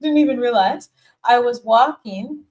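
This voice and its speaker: A woman's voice: a little high, measured pace, a little hiss or hum, poor audio. A woman giving a casual live tarot reading, speaking straight to the viewer. She laughs often, repeats her encouragement, and swears casually. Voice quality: animated, laughs often, warm encouraging repetitions. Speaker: tarot reader.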